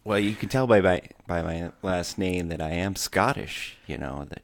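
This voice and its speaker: A man's voice: deep voice, moderate pace, slight background noise. A man speaking as a podcast guest and game designer, playful and laughing often. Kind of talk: casual chat.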